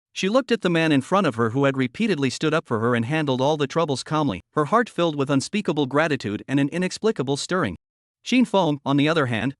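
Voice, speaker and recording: A man narrating a scripted story recap in an even, matter-of-fact reading. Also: on the high side, no room sound, studio quality.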